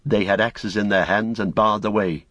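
A man narrating an audiobook in a measured storytelling manner. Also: on the low side, fairly even intonation, fairly bright tone, dry recording.

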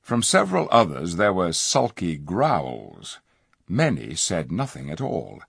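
A man narrating a storybook in an expressive, lively way. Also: low voice, a little slow, creaky, breathy edge, dry recording, clean studio sound. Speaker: audiobook narrator. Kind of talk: storybook reading.

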